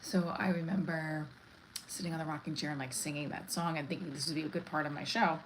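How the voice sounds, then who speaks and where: A woman's voice: deep voice, fairly even intonation, fast, slight background noise, poor audio. A woman comedian chatting casually on a live stream, rambling from one thought to the next. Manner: chatty, rambling, breaks into song.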